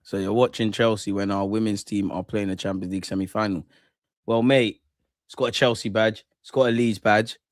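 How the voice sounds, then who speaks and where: A man's voice: fairly low pitch, fairly even intonation, brisk, dry recording. A young man, commentating a football match live and chatting with viewers in a slangy, ranting way. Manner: slangy, ranting, talks back to chat. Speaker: football watch-along streamer. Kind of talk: live casual commentary and chat.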